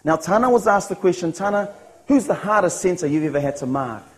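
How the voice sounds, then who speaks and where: A man's voice: high voice, lively intonation, brisk, poor audio. A man with a New Zealand accent telling his personal testimony as a sermon, earnest, acting out his own thoughts along the way. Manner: earnest storytelling, voicing his own thoughts, chuckles at himself. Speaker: speaker giving a personal testimony.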